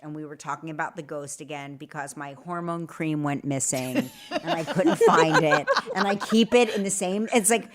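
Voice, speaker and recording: A woman in her fifties hosting a talk show, telling animated stories and swearing freely. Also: sits low, normal speed. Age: 50s. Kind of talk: casual chat.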